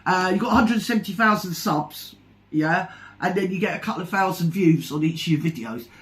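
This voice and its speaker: A woman's voice: fairly low pitch, a little fast. A woman delivering a scathing, sarcastic rant to camera, calling her target "darling" again and again. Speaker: vlogger. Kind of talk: ranting commentary vlog.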